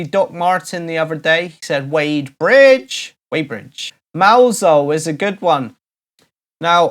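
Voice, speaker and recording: A man's voice: on the high side, fairly bright tone. A middle-aged man from Cornwall, a DJ and vlogger chatting casually and jokingly to his followers, full of playful asides. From Cornwall, England. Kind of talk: casual comedic vlog chat.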